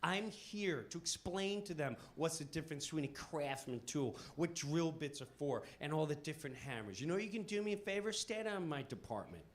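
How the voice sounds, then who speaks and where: A man's voice: a little high, expressive, fairly quick, hardly any pauses, lightly acted. A man voicing a serious, snippy hardware clerk in his forties who lectures sternly. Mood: lecturing.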